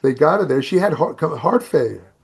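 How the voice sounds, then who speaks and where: A man's voice: a little high, animated, brisk, gravelly, breathy edge. An older man, a bodybuilding writer, telling rambling anecdotes on a podcast with many restarts. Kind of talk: casual storytelling on a podcast.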